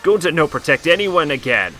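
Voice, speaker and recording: A big, earnest, gentle boy from a video game speaks in halting, broken grammar, read aloud by a man. The voice is very bright. Faint game music plays behind him. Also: a little high, big pitch swings, voice pushed up, rough recording. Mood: remorseful.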